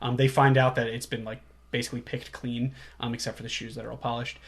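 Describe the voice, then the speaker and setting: A man's voice: medium pitch, little pitch movement. A man co-hosting a casual movie podcast, recapping the plot in a laid-back way and often laughing. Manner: laid-back, quotes characters in quick asides, laughs often.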